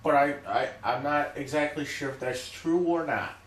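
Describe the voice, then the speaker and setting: A man talking loudly in an emphatic, repetitive rant, often checking in with "okay?". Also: a little high, moderate pace, echoey room, slight background noise. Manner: loud, repetitive, emphatic, keeps saying okay. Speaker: vlogger. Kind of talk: ranting monologue to camera.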